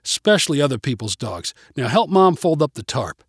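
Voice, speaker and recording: A man voicing a gruff, cold father who speaks curtly in a storybook reading. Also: on the high side, very animated, fairly quick, dry recording, clean studio sound, heavily acted. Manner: gruff and curt.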